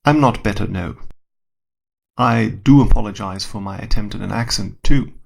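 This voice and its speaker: Husky guy narrating his own story, dry and self-deprecating, a bit of fry. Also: fairly low pitch, steady tone, normal speed. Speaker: scientist and storyteller. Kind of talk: scripted first-person storytelling.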